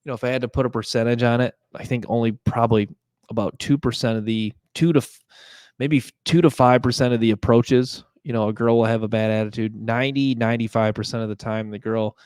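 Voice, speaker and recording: A man's voice: medium pitch, steady tone, fast talker, darkish tone, smooth, dry recording. A young man hosting a podcast, talking in a casual, rambling monologue full of fillers and restarts. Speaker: podcast host.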